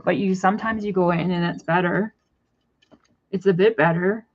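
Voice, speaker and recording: A woman's voice: fairly low pitch, steady tone, normal speed, a little mellow, highs cut off. Rambling stoned woman vlogging. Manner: rambling, scolds pets in a raised sing-song voice. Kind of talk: casual rambling monologue to camera and pets.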